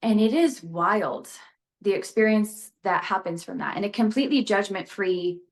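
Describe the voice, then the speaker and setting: A young woman talks openly as a podcast guest, her voice sitting at an ordinary middle pitch. She is lively and expressive, peppering her talk with "like" and breaking into short laughs. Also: normal speed. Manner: animated, frequent filler "like", laughs between thoughts. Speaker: guest, actress and motivational speaker. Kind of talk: casual podcast conversation.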